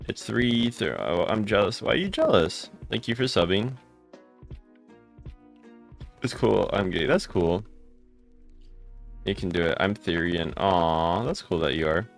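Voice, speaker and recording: Male streamer, lower voice, faint game music underneath, greets chat nonstop. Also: animated, creaky. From United States. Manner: rapid-fire greetings, answering chat comments. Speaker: live streamer. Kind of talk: casual live-stream chat while gaming.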